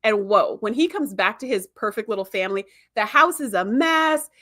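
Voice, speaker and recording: A woman with a slightly raised pitch talks through a TV episode as a podcast host. Her delivery is loose and chatty, and she keeps stringing thoughts together with "like" and "you know". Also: animated, normal speed, fairly bright tone. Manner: chatty, filler-heavy storytelling with many "like"s. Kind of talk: casual recap of a TV episode.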